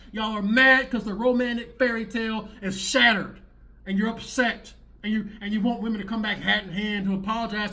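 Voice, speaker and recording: A man's voice: high voice, pushed and bright. A man hosting his own channel, reacting to clips in a preachy, rambling rant that circles back on itself. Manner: preachy, rambling, repeats himself. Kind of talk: ranting commentary.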